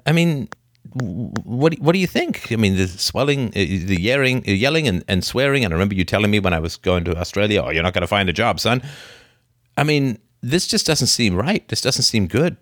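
A man's voice: fairly low pitch, sing-song, a little fast, a bit bright, no echo, studio quality. A man playing a son pressing his father. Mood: pleading. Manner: earnest, pressing, blunt. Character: adult son confronting his neglectful father.

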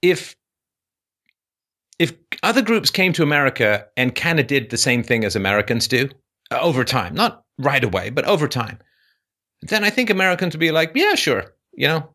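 A man's voice: mid-range voice, big pitch swings, normal speed, sharp tone. A man hosting a call-in show, talking emphatically and acting out quoted voices. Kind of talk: casual call-in conversation.

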